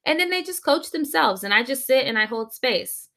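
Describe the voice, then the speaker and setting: A woman speaks as a guest on a podcast, giving advice as a coach. Her voice is bright and sharp, and she is animated, slowing down to stress her key points. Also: high-pitched. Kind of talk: podcast interview, conversational advice.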